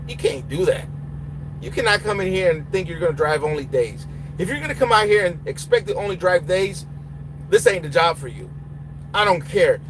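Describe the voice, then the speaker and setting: Young Honduran trucker, high voice, blunt, chatting from the cab with loud engine hum behind. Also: male voice, lively intonation, normal speed. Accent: Honduran Spanish. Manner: blunt, switches between English and Spanish. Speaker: truck driver and trainer answering viewer questions. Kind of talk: casual live Q&A, reading chat aloud.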